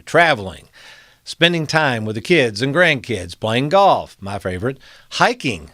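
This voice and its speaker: A man in his fifties hosting a financial show, pitching his service to viewers in an earnest, salesman-like way with rhetorical questions. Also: a bit bright, no room sound, clean studio sound. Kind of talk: direct-to-camera talk.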